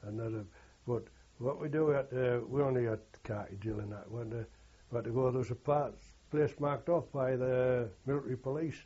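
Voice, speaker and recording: Husky older man. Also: medium pitch, steady tone, fairly quick, few pauses, mellow. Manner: rambling anecdotes, quoting others with "he says". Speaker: war veteran interviewee. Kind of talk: oral history storytelling. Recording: dull lo-fi recording.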